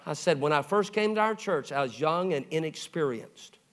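Animated pastor, man, higher voice. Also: moderate pace. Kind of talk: sermon storytelling.

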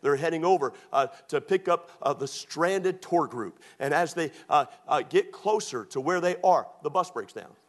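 Preacher, man, folksy and funny, slightly high voice, acts out both sides of a conversation. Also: animated, normal speed, hardly any pauses. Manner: folksy, humorous, acts out dialogue. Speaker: pastor. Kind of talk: storytelling sermon.

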